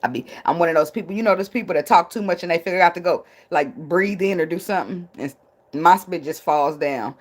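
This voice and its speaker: A woman's voice: lowish voice, fairly quick. A woman giving a casual tarot reading, blunt and profane, laughing often and drifting into tangents. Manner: rambling, talks herself into tangents. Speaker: tarot reader.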